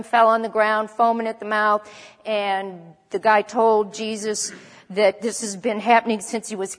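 Woman preaching in an echoing hall. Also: fairly high pitch. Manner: conversational, with restarts and self-corrections. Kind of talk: sermon.

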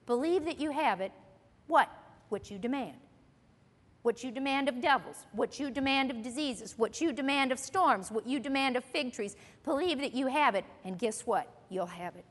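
A woman's voice: sits high, lively intonation, normal speed. A woman teaching a Bible lesson in a sermon style, earnest and emphatic as she quotes scripture. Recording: long hall reverb.

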